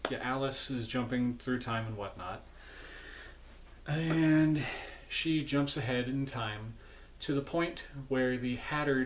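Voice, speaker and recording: A man's voice: mid-range voice, slight background noise. A sleepy man recapping a film from home in a casual, rambling way, correcting himself and making chatty asides. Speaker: vlogger.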